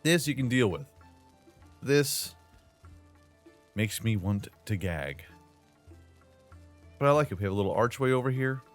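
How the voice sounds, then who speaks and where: A man's voice: on the low side, expressive, measured pace, pauses often, soft background music. Man chatting through a building tour. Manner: chatty, playful, loose slang and asides. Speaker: gaming channel host. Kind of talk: casual gameplay commentary.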